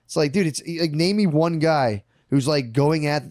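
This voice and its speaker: A young man hosting a casual comedic chat, excitable and swearing a lot, often acting out the people he quotes. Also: a little high, normal speed, dry recording, studio quality. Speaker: podcast host.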